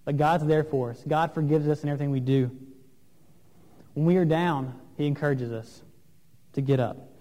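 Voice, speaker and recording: A man preaching an earnest sermon, asking questions of his listeners, with some pauses and fillers. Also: fairly high pitch, fairly even intonation, dark tone. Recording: long reverb of a large room.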